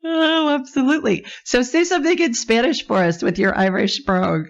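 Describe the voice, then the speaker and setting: A woman's voice: high voice, lively intonation, brisk, gravelly. A woman hosting a call-in podcast, talking in a soothing, chatty, descriptive way. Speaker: podcast host and psychic. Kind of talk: call-in show chat. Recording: dull lo-fi sound.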